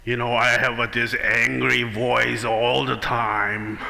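A man voicing an angry, hungry giant troll that lives under a bridge, speaking slowly and gruffly in a reverberant hall. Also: mid-range voice, level tone, sharp tone, heavily acted. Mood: describing himself.

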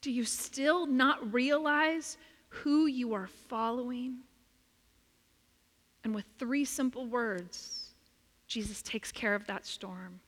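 A woman preaches a sermon, retelling a scripture story at a slow, deliberate pace. She rises to loud, emphatic questions and drops to hushed near-whispers. Her bright voice rings out into a large hall with a long echo. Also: a little high.

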